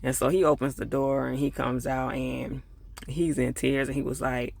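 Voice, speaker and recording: A man gives a casual, chatty recap and review of an episode, full of fillers and asides to viewers. He acts out characters' lines while retelling scenes and gets heated when annoyed. His creaky voice is medium-pitched, level and moderately paced.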